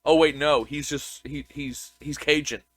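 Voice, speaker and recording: A man's voice: a little high, steady tone, measured pace, a bit bright, no room sound. A man co-hosting a podcast, chatting casually and joking with mock confusion. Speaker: podcast co-host. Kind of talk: casual chat.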